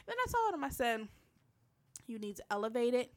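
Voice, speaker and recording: Lively high-voiced woman telling stories. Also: brisk. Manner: animated, acts out quoted exchanges, laughs through stories. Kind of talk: casual storytelling chat.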